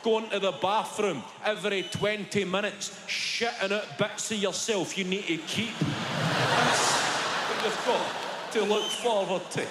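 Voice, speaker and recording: A Scottish man performs stand-up, animated and full of put-on voices. Steady background noise sits under him. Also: sits high, unhurried, reverberant. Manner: animated, switches into mock voices. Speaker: stand-up comedian. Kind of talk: stand-up routine.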